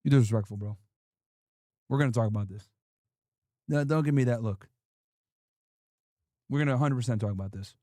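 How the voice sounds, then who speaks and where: A man's voice: mid-range voice, fairly quick, long pauses, warm tone, dry recording, studio quality. A man hosting a livestream in a casual, slangy style, teasing and playfully scolding in repeated bursts. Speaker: livestream host.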